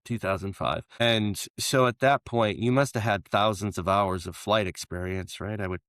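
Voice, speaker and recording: A man hosting a casual interview, talking in a rambling, animated way and laughing often. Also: fairly low pitch, moderate pace, no echo, clean studio sound. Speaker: podcast host.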